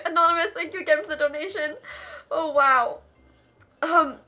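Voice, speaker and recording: A woman's voice: high voice, moderate pace, bright, forceful tone. A young woman streamer reading out donations and thanking viewers, tearful and laughing through tears, with gushing, affectionate thanks. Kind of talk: live charity stream.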